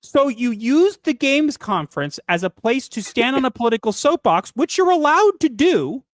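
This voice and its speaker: A woman's voice: sits high, very animated, moderate pace, no echo, studio quality. Sarcastic woman arguing in commentary. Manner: argumentative, sarcastic. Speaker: co-host.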